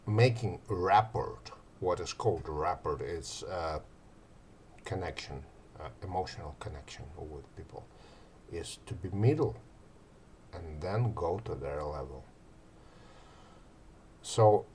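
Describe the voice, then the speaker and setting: Slow, rambling man with lively pitch. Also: a little hiss or hum. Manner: slow, rambling, many fillers, swings between loud and quiet. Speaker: channel host. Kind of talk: casual talk on relaxation and rapport.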